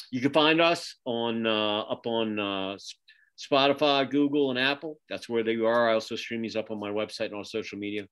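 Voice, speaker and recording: A man's voice: mid-range voice, fairly bright tone, clear, resonant tone. A middle-aged man hosting a podcast from his home office over a video call, rambling with many fillers and restarts. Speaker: podcast host and magazine publisher. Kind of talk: casual interview sign-off.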